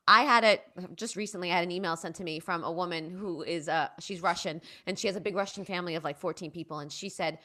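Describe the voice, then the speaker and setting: A woman's voice: lowish voice, fast, hardly any pauses. A young woman, a playwright and performer guest chatting casually and acting out her family's voices as she tells stories. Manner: lively storyteller, acts out family voices, laughs often. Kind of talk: casual interview chat.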